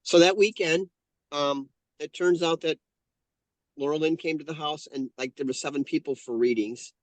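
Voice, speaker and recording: A man's voice: fairly high pitch, moderate pace, dry recording. A man in his fifties, a guest telling a heartfelt personal story in an interview, earnest and often correcting himself mid-sentence. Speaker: guest, painter and channeler.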